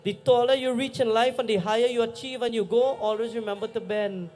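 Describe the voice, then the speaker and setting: Trinidadian pundit giving a sermon at a house puja, high-ish voice, lots of questions to the crowd. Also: male voice, fairly even intonation, fairly quick, darkish tone. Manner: storytelling preacher, rhetorical questions to the crowd. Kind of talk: Hindu religious discourse. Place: private home, religious gathering.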